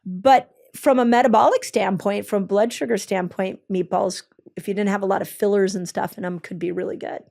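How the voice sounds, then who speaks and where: A woman with a mid-range, darkish, creaky voice speaks briskly with fairly even intonation and few pauses. She's a health expert who runs her own clinic, eagerly explaining her ideas step by step in conversation, with frequent ums and restarts.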